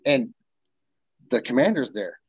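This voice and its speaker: A man, a military veteran, telling a story in casual chat, animated and profane as he acts out the dialogue. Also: medium pitch, measured pace, breathy edge, dry recording, muffled recording.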